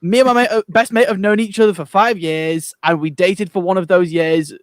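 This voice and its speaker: A man co-hosting a casual podcast chat, speaking in a halting, rambling way with many restarts. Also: sits high, fairly even intonation, no room sound. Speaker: co-host.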